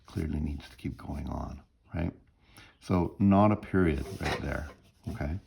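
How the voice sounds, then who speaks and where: A man's voice: very deep voice, a little slow, creaky, noisy background. A man teaching music theory in a recorded lecture, explaining step by step, humming bits of melody and often checking in with "right?".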